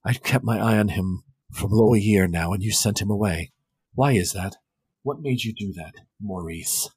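A man voicing a cruel, amused female vampire official, speaking low and soft. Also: normal speed, husky, dry recording. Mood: menacing.

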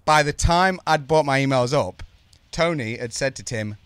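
A man in his thirties with a Birmingham accent, co-hosting a casual podcast and telling animated, sweary stories full of put-on voices. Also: medium pitch, normal speed, clear, resonant tone, no room sound. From English Midlands. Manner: animated, sweary, laughing storyteller who does voices. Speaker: podcast co-host. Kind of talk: casual chat, storytelling. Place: outdoors.

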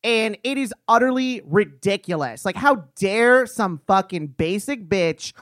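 A man's voice: sits high, animated, a little slow, fairly bright tone, no echo, clean studio sound. A man hosting a casual advice show, talking in a blunt, emphatic, heavily profane way. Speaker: podcast host.

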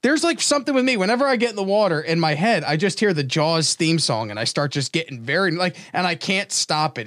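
A man from the New Jersey shore hosting a casual chat with quick joking banter. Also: a little high, lively intonation, a bit bright, dry recording, studio quality.

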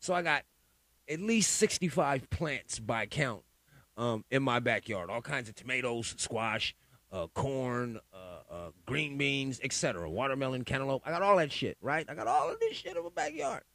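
A man hosting a solo podcast in a profane, animated rant, pleading and stammering through restarts. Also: medium pitch, normal speed, dry recording. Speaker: podcast host. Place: home in Sacramento.

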